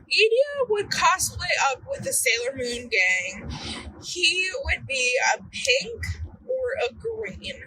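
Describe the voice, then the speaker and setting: A woman's voice: very high-pitched, huge pitch swings, takes it slowly, bright, forceful tone, slight background noise, poor audio. A tired young woman hosting a podcast alone while driving. She chats casually, rambles, loses her words and swears freely. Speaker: podcast host. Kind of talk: casual solo chat.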